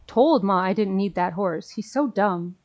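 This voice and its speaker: A woman's voice: medium pitch, a little slow, darkish tone, dull audio, close to an everyday voice. A woman voicing a drowsy young lost boy who mutters and grumbles sleepily.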